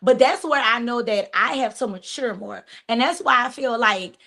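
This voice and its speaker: A blunt woman in her forties with a fairly high voice, holding forth in casual live-stream podcast chat. She swears freely and acts out the people in her stories as she talks. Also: normal speed, creaky, fairly bright tone. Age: 40s. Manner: blunt, profane, storytelling with acted-out quotes. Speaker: podcast cohost.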